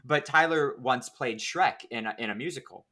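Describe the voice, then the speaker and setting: A man's voice: mid-range voice, moderate pace, pushed and bright. An American man hosting a podcast in casual chat, playful and laughing often. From United States. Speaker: podcast host.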